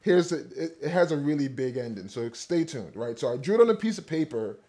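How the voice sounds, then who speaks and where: A man's voice: a little high, animated, brisk, warm tone. Eager man telling a founding story. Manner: eager, rambling, addresses viewers directly. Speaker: company founder. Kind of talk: casual storytelling to camera.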